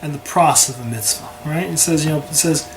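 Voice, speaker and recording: A man's voice: a little high, fairly quick, poor audio. A man teaching a conversational Torah class who keeps checking in with his listeners by asking "right?". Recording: steady background noise.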